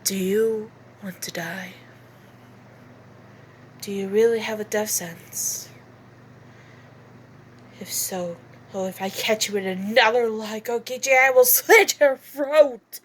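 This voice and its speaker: A woman voicing a cold, menacing teenage girl assassin who threatens in a low, half-whispered voice. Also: takes it slowly, long pauses, slight background noise, natural voice.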